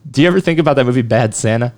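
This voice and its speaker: A man's voice: mid-range voice, darkish tone. A man hosting a casual podcast, joking around loosely and running a quiz game. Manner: laid-back joking quiz-giver. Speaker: podcast host. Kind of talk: casual chat.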